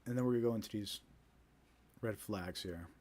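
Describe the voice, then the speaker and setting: A man's voice: on the low side, fairly quick, darkish tone, a little hiss or hum. A man with a New Jersey accent hosting a live stream, talking in a chatty, conversational way with many fillers and repeated starts. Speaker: host of a scam awareness live stream. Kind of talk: casual live-stream chat.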